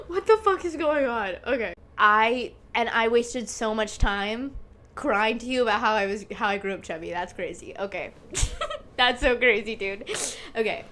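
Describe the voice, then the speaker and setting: A woman's voice: fairly high pitch, normal speed, a bit bright, a little hiss or hum. A young woman hosting a solo podcast, talking casually and confessionally, swearing and laughing through emotional stories. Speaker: podcast host.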